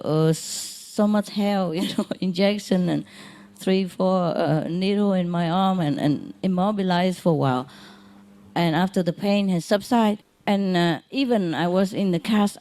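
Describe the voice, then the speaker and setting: A woman with a fairly low, mellow voice gives a relaxed spiritual talk to a gathered audience. She speaks unhurriedly in plain, non-native phrasing, chuckling softly and repeating herself to comfort her listeners. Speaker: spiritual teacher. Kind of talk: informal spiritual lecture to an audience.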